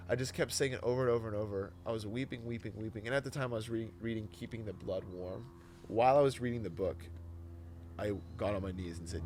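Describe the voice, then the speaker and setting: Low gravelly young man telling his story. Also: fairly quick, background noise. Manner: animated, emotional storytelling with frequent "dude" and "like". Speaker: podcast guest. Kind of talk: casual conversational testimony.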